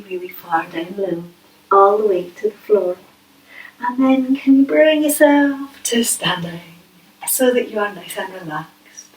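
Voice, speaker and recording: A woman leading a yoga class for children, speaking gently and playfully with coaxing questions. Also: medium pitch. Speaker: yoga teacher. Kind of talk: guided kids' yoga class. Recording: echoey room, voice from a distance.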